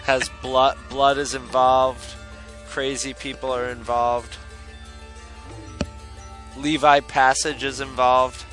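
A man hosting a podcast who tells a profane, animated story in casual chat. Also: mid-range voice, slow pace, long pauses, soft background music, poor audio. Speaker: podcast host.

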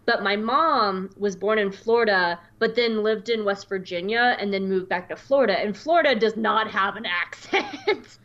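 A woman's voice: medium pitch, moderate pace, hardly any pauses, fairly bright tone. A woman with a mild Southern US accent co-hosting a podcast, rambling in casual chat. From Georgia, US. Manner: rambling, lots of likes. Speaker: podcast co-host. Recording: dull lo-fi mic.

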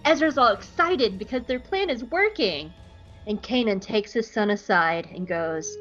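Brief: higher-voiced woman podcast host, animated and profane, dull lo-fi close mic. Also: a little slow, faint music behind. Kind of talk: casual episode recap.

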